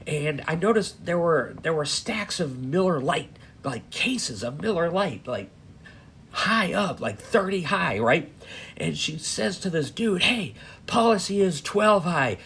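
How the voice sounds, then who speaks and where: Middle-aged guy, gravelly, a bit high-pitched, telling his dream loose and profane, faint hiss behind. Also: lively intonation, unhurried, a bit bright. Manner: profane, rambling, lots of fillers. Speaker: dream storyteller. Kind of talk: casual spoken dream recounting.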